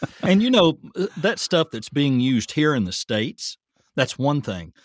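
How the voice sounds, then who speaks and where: A man's voice: a little high, very animated, a little slow, no room sound, clean studio sound. Folksy man chatting on a podcast. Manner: folksy, emphatic, laughs easily. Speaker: podcast co-host, voice actor. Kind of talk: casual podcast chat.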